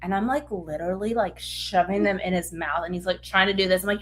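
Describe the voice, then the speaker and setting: A woman's voice: fairly low pitch, fast, hardly any pauses, a bit bright. A woman in her thirties co-hosting a podcast, talking earnestly and reflectively in casual chat, with lots of "like" fillers. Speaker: podcast co-host.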